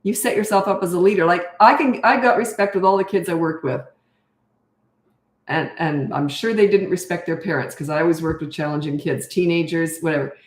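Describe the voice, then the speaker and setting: A woman's voice: on the low side, fairly quick, echoey room. An older woman coaching parents, answering viewer questions in a blunt, emphatic way and repeating her key points.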